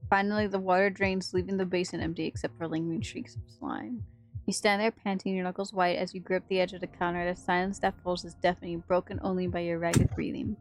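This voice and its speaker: A woman's voice: on the low side, steady tone, fast, faint music behind, low-quality recording. A woman reading a horror visual novel aloud for a gaming video, with dramatic narration and reactions.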